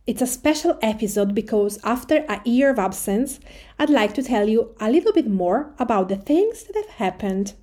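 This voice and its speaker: A woman from Tuscany speaks English with an Italian accent, her voice sitting a little high yet soft and mellow. She talks calmly and conversationally, like a host settling in for a chat with her listeners. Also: moderate pace. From Tuscany, Italy. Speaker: podcast host and food writer. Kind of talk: personal podcast address.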